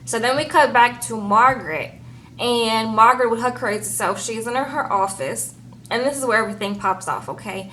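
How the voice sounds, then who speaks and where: A woman giving a casual, animated recap of a TV episode, peppering it with "girl" and "okay?". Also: fairly high pitch, normal speed, a little hiss or hum, low-quality recording. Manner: chatty, animated, says "girl" and "okay?" often. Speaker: TV show recap reviewer.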